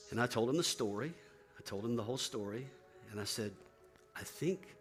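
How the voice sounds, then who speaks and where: A man's voice: mid-range voice, expressive, brisk, pauses often, faint music behind. A middle-aged male pastor telling a sermon story, acting out the dialogue with rising intensity.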